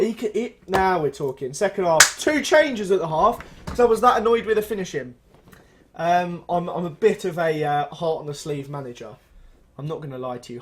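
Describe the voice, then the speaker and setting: A man's voice: a little high, fairly bright tone, a little hiss or hum. A young man talks through his football management save, half joking and half exasperated. His voice leaps up in sudden bursts of disbelief, then sinks back into wry grumbling. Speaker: gaming channel host. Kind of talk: let's play commentary on a management game.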